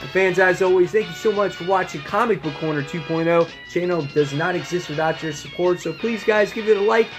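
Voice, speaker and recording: Chatty man reviewing comics, slightly high voice. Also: brisk, hardly any pauses, over music. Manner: enthusiastic, chatty with many fillers. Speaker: comic book reviewer, channel host. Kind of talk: casual review vlog.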